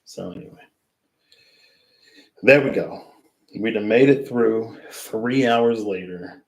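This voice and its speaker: A man's voice: on the low side, slow, echoey room, poor audio. A man closing a casual tarot reading, rambling and reflective, who often trails off into asides. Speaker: tarot reader.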